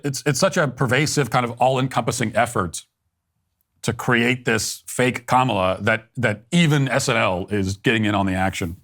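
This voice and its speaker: A male host delivers opinionated political commentary in a blunt, sarcastic tone. His voice sits at an ordinary middle pitch, and he often stumbles and restarts a phrase before pressing on. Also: a bit bright.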